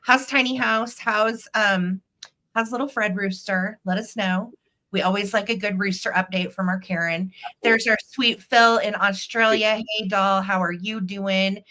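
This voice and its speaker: A woman's voice: medium pitch, fairly even intonation, measured pace, sharp tone. A middle-aged woman hosting a live vintage sale stream, bubbly and chatty, greeting viewers by name.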